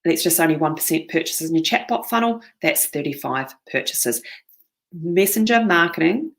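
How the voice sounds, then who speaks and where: A woman with a New Zealand accent runs a live online seminar, her voice sitting a little low for a woman. She keeps things upbeat and direct, pausing often to check in with viewers. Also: lively intonation. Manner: upbeat, addresses viewers directly, frequent "okay?" check-ins. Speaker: seminar presenter. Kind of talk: live webinar presentation.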